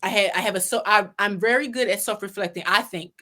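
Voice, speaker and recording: Animated woman telling her story on a call. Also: medium pitch, quick pace. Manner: animated, plays her own past lines in quotes. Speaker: podcast guest, pageant winner and salon owner. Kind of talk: casual interview storytelling. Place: home office. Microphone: video call.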